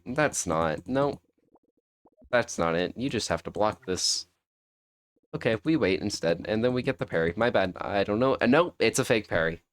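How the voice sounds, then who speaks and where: A young man commentating a fighting game on a live stream, thinking aloud in a rambling, self-correcting way. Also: fairly low pitch.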